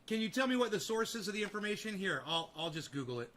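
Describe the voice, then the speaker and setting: A man with a high, bright voice who rants at his livestream chat. His tone is heated and profane, and he snaps back at commenters while he keeps talking. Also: sing-song, fast, a little hiss or hum. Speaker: streamer host.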